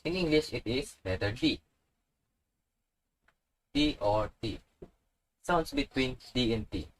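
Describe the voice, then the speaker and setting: A man speaking at an unhurried, very slow pace as he walks through letter sounds one by one. His pitch sits in a middle range, and he repeats each sound patiently with example words. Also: expressive, poor audio. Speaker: language teacher. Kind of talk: slow instructional tutorial.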